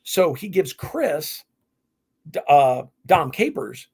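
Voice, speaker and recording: A man in his fifties from New England, a podcast guest telling animated stories in casual interview talk. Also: fairly high pitch, slow pace, vocal fry, slightly rough. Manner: animated, lively anecdotes with restarts.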